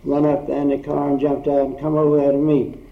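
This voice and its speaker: A man's voice: fairly high pitch, completely flat delivery, quick pace, vocal fry. An older man telling blunt, rambling stories from his past in casual chat, swearing freely. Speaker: storyteller recalling old times. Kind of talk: casual oral history storytelling. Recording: roomy, dull old tape recording.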